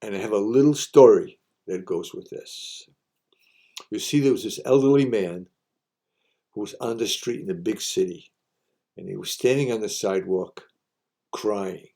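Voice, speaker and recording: A man's voice: lowish voice, normal speed, creaky, mellow. A man hosting a folksy monologue of homespun advice, repeating each saying for emphasis. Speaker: host sharing sayings.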